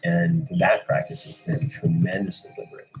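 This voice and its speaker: A man with a very husky voice speaks as a guest in casual podcast talk. He is animated, mimics other voices and swears casually. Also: low voice, moderate pace, soft background music, rough recording.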